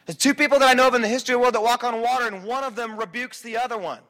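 High, bright-voiced preaching man. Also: steady tone, racing. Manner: dynamic preaching, swings between quiet and shouting. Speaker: pastor. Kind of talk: sermon.

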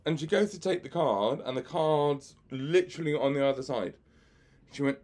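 Male magician hosting a podcast; mid-pitched, chatty storyteller who laughs a lot and acts out other people's lines. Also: moderate pace, darkish tone. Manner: chatty, laughs often, many fillers.

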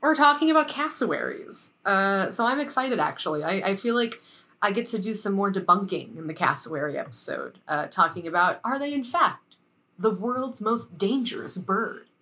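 A woman co-hosting a casual podcast, animated and often laughing as she wraps up the episode. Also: medium pitch, normal speed. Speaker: podcast co-host. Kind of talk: casual chat.

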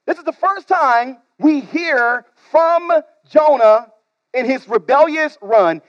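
Pastor guy preaching, high voice, dry dull-sounding recording, lots of loud bits and soft asides. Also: takes it slowly, dry recording. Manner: animated preaching, swings between loud emphasis and quiet asides; repeats words, talks straight to the congregation. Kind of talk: sermon.

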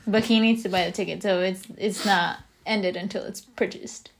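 A woman's voice: mid-range voice, steady tone, normal speed, vocal fry. A woman co-hosting a podcast in casual chat, laughing often and firm. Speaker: podcast co-host.

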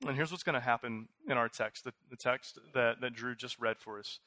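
A man in his thirties preaching a conversational sermon as pastor, animated, with many fillers and restarts. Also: mid-range voice, a little fast, dry recording.

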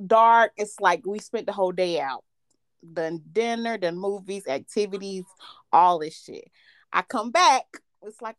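A woman's voice: medium pitch, dry recording, clean studio sound. A woman in her thirties, co-hosting a podcast, tells a long profane story in casual chat and laughs often as she talks. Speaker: podcast co-host.

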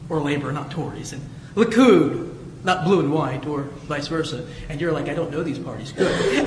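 A middle-aged man from Southwest Ohio delivers a sermon, his voice sitting high for a man. He talks in a loose, conversational way and tells stories with a chuckle. The sound rings out with a long reverb, as if recorded in a large church. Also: fairly bright tone, slight background noise. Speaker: pastor. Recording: echoey hall with reverb.

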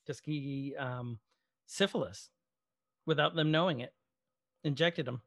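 A man's voice: fairly high pitch, a little slow, gravelly, long pauses, fairly bright tone, no echo, studio quality. A man in casual podcast chat, retelling a show's scenes with quoted dialogue and some swearing. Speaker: podcast co-host. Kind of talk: casual chat recapping a show episode.

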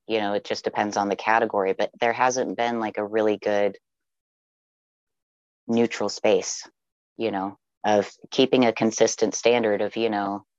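Low-voiced guest on dull, dry audio. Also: dry recording. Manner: earnest, reflective, many "you know" fillers. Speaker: podcast guest. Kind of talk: candid personal storytelling.

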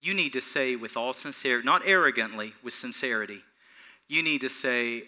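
A pastor preaching an earnest, animated sermon in a church, repeating phrases for emphasis and chuckling between points. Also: male voice, medium pitch, a little fast.

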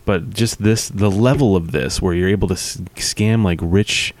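A man's voice: sits low, normal speed, no echo. A man co-hosting a casual podcast, reacting with exclamations and running commentary. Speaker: podcast co-host. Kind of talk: casual chat.

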